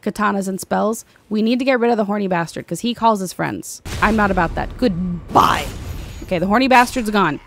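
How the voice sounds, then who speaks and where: A woman's voice: mid-range voice, fairly quick, gravelly, slight background noise. A young woman commenting on her own gameplay, chatting casually and breaking into panicked shrieks and laughter when things go wrong. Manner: excitable, shrieks and panics during fights. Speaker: gaming streamer. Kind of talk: let's play commentary.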